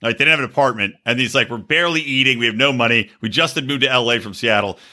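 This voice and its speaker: A man's voice: mid-range voice, racing. A man co-hosting a podcast, telling a crude story in casual, profane chat and acting out the people he quotes. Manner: animated, acts out quotes with shifting voices; profane, laughs often. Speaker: podcast co-host.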